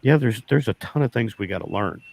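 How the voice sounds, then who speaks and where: A beekeeper guest tells a folksy, casual story, quoting himself again and again with "I said." His medium-pitched voice is creaky and darkish, fairly quick, and recorded without echo.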